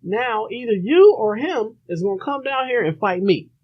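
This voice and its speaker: A man voicing a furious old grandmother who yells insults and demands a fight, in a high shrill voice. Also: lively intonation, normal speed, lo-fi sound.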